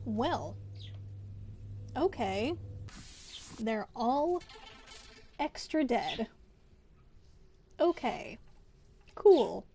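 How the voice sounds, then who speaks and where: This is a woman streamer with a high voice who talks unhurriedly as she muses through the game. The game music plays clearly underneath her. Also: very animated, very slow, long pauses, dark tone. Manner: puzzled, musing asides. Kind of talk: casual gaming commentary.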